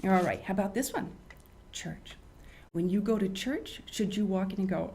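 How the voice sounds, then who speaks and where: An older woman hosting a children's show, reading stories in an animated, sing-song way. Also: mid-range voice, normal speed. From United States. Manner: animated, sing-song storyteller, acts out loud and whispered voices. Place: studio.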